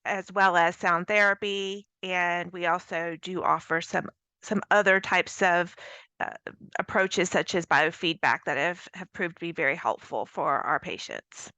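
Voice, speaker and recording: Woman, audiologist, crisp voice, lowish pitch, steady, video call. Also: unhurried, dry recording. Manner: steady, clear, informative. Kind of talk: panelist introduction.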